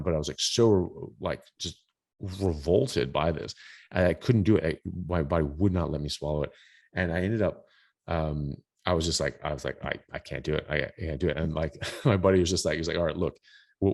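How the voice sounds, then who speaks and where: Very deep-voiced man telling a story. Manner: rambling, animated, with many restarts and quoted asides. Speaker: podcast host. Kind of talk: casual storytelling.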